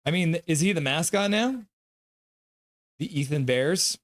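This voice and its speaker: With a fairly high-pitched, animated voice and a slightly slow delivery, a young man calls hockey on his live stream, joking around and reading viewers' comments aloud. There's no room sound.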